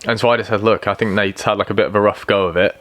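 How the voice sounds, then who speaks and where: A man's voice: lowish voice, rapid-fire, no echo. A young man, a band member guest on a podcast, chatting casually and acting out quotes as he tells stories. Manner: animated storyteller, acts out quotes.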